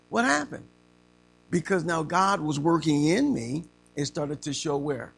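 Male preacher with a bright, gravelly tone, teaching interactively and emphatically. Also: fairly high pitch, animated, unhurried. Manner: asks the room questions and acts out stories. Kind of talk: interactive sermon.

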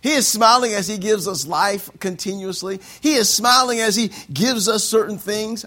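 A man preaching a sermon, acting out quoted voices and swinging from soft, quick asides to shouted lines. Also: sits high. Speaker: pastor.

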